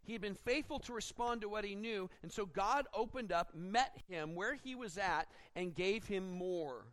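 Male pastor, higher voice, expository sermon with acted asides. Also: normal speed. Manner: expository preaching with acted-out quotes; animated, rising when dramatizing.

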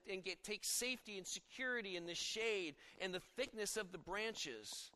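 The voice of this middle-aged male pastor sits high, bright and forceful. He preaches in a relaxed, storytelling style, repeatedly halting and restarting his sentences, and long hall reverb colors the sound.

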